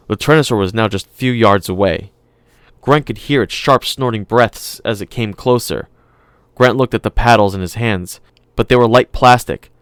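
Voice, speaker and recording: A man reading an audiobook aloud in calm, measured scripted narration. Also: on the low side, clean tone, dry recording, clean studio sound.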